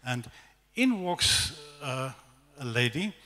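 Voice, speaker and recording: A middle-aged man with a South African accent, telling a lively, self-deprecating testimony as a guest preacher at a church evening service. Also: medium pitch, slow. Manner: storytelling, animated, self-deprecating humor. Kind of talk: testimony sermon. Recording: echoey church hall reverb.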